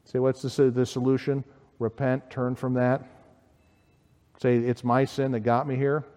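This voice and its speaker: A man preaching a sermon as pastor, earnest, voice rising with emphasis and then dropping low and quiet. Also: level tone, a little slow, big-room sound. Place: church sanctuary.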